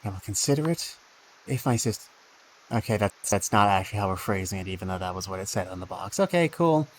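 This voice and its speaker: A man's voice: deep voice, steady tone, fast talker, slight background noise, rough recording. A man streaming a game, thinking aloud with dry asides and reading the game text.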